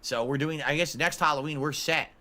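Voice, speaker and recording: A man's voice: fairly high pitch, steady tone, fairly quick, pushed and bright. A man chatting casually on a stream, answering chat messages in a musing, talkative way.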